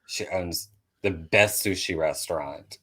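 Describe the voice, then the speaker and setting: Deep-voiced man telling a comic story. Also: measured pace, slightly rough. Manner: animated, building to loud bursts. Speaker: guest comedian.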